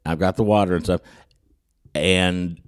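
Deep-voiced man telling a story. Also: a little slow. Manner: animated storyteller who acts out quotes, with frequent stammered restarts. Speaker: podcast host. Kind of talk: storytelling anecdote in casual chat.

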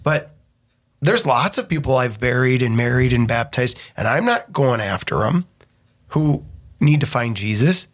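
A pastor co-hosting a radio talk show chats casually about a movie, animatedly quoting people in different voices and using frequent fillers. His voice is medium-pitched and a little slow.

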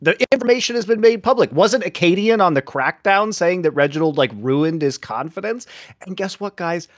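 A man's voice: high voice, animated, normal speed, no echo, studio quality. A man co-hosting a podcast, ranting in an indignant way and swearing. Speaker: podcast co-host. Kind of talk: casual podcast banter.

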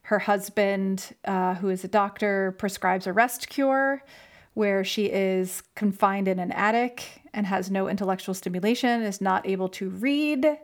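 A young woman co-hosting a casual film podcast, chatty with lots of fillers. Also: mid-range voice. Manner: chatty, many fillers, reads a passage aloud slowly. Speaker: podcast co-host.

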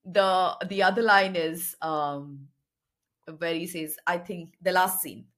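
A woman's voice: on the low side, steady tone, takes it slowly, fairly bright tone. A woman co-hosting a podcast, chatting thoughtfully about a film and laughing at her own lines. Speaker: podcast co-host. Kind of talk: casual film discussion.

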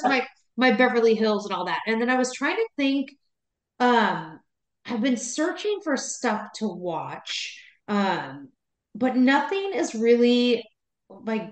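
A woman's voice: a little high, very animated, slow pace, echoey room. A woman from Wisconsin co-hosting a podcast in casual chat, rambling and laughing often. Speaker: podcast co-host.

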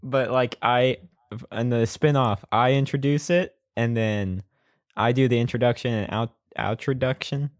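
A man's voice: medium pitch, steady tone, a little slow, no echo, studio quality. A young man co-hosting a casual podcast chat, laid-back and rambling. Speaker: podcast co-host.

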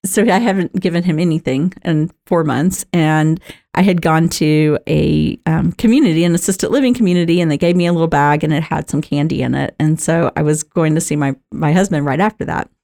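Woman, middle-aged, low-pitched, chatty storyteller host who laughs often. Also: brisk, gravelly, dark tone. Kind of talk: personal storytelling talk.

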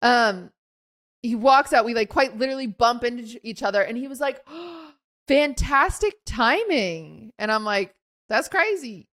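A woman's voice: fairly high pitch, normal speed, a bit bright. A young woman co-hosting a podcast, telling a story in a casual chat and acting out quotes with lots of fillers. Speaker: podcast co-host.

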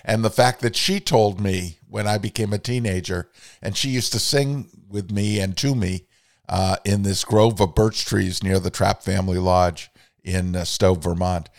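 A man's voice: sits low, steady tone, a little slow, creaky, no echo, studio quality. An older man hosting a podcast, speaking in an earnest, reflective monologue and quoting passages aloud with feeling. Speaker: podcast host.

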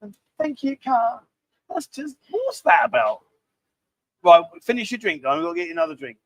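A livestream host rambles and trades cheeky banter as he reads viewer comments aloud in a chatty way. His high voice swings widely in pitch at a moderate pace, with no room sound.

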